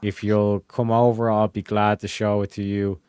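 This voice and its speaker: A young man with a smooth, clear voice reads old case notes aloud in a dry, close recording. He stumbles through with fillers and frequent swearing, pitched a bit low. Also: flat delivery, a little mellow, dry recording. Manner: profane, halting, reads with fillers. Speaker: host reading case files. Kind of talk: casual chat reading transcripts aloud.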